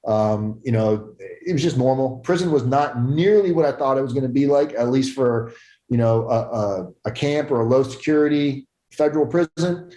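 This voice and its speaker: A young adult man, a guest on a podcast, tells a story casually, swearing often and acting out other people's voices. His mid-range voice is expressive and dark-toned, at a normal speed. The recording has a roomy echo.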